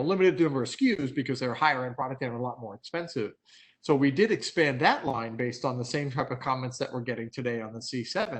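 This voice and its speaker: A man presenting a live online training, candid and storytelling, laughing at his own anecdotes over a video call mic. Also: medium pitch. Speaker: product expert presenter.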